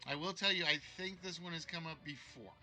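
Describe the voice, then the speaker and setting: A man's voice: on the high side, a little fast, bright, forceful tone, soft background music. A man hosting a live-streamed trivia game show, joking and teasing the contestant.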